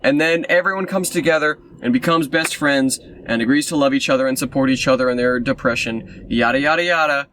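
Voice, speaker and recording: A man's voice: medium pitch, fairly even intonation, a little fast, few pauses, a bit bright, a little hiss or hum. A man casually recapping a film he reviews, sarcastic and rambling with lots of fillers and asides. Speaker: movie reviewer.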